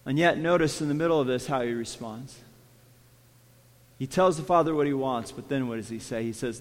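A man preaching a sermon as pastor, dropping to hushed lines and then rising to emphatic ones, and acting out quoted prayers with feeling. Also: mid-range voice, a little fast, long reverb tail. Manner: swings between quiet hushed lines and raised emphatic ones.

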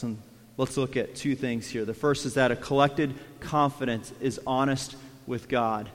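Preaching man in a reverberant hall. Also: a little high. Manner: swings between quiet hushed lines and raised emphatic ones; acts out quoted prayers with feeling. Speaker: pastor. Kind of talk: sermon.

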